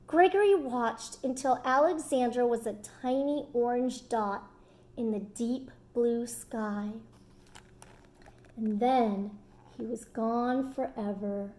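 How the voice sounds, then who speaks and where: A woman reading a picture book aloud to children in an animated way, stopping to ask them questions. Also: a little high, takes it slowly.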